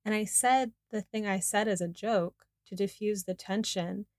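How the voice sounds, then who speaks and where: A woman narrates her own story in the first person, candid and confessional. Her pitch sits in the middle range. The sound is dry and close, with no room echo. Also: fairly even intonation, moderate pace. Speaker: memoir narrator.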